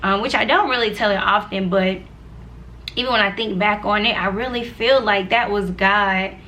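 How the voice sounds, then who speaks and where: Bright-voiced young woman, chatty testimony. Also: mid-range voice, fairly even intonation, normal speed, slight background noise. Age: 20s. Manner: chatty and earnest, full of "like" and asides to viewers. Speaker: vlogger sharing her faith testimony. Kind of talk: casual personal testimony.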